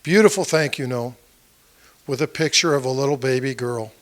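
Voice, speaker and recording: A man's voice: medium pitch, moderate pace. A man running for office, giving a conversational campaign speech at a small meeting and telling stories that act out what people said. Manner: conversational storytelling, acting out quoted dialogue; addresses the audience directly with questions. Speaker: political candidate. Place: meeting room with about 30 people.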